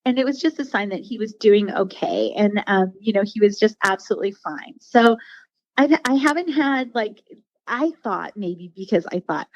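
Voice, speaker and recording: A woman guest tells a personal story in a heartfelt, rambling way, circling back with fillers and restarts. Her voice sits at an ordinary middle pitch. The sound is dull and a bit muffled, and very dry. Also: no echo. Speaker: podcast guest. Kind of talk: casual storytelling interview.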